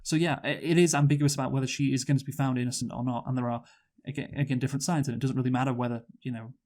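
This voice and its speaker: A man with an ordinary mid-pitched voice talks through a film in a casual review chat. He weighs his points carefully and hedges often with "you know.". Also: fairly even intonation, darkish tone. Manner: thoughtful, measured, hedging with "you know". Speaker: podcast co-host, film reviewer.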